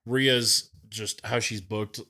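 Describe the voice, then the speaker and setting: Lower-voiced opinionated podcast co-host. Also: male voice, fairly even intonation, takes it slowly, sharp tone. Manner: opinionated, thinks aloud with fillers. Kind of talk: casual wrestling discussion.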